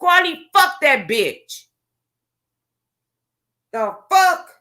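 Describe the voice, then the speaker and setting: A woman's voice: extremely high pitch, big pitch swings, extremely slow, bright, forceful tone. A woman vlogger, delivering a profane, confrontational rant to her viewers. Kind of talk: angry rant to camera.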